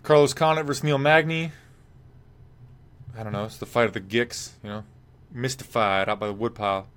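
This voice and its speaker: A man hosts a live MMA podcast, rambling casually through fight talk, reading viewer comments aloud and giving blunt picks. His voice is medium-pitched, a bit bright and clean, at normal speed.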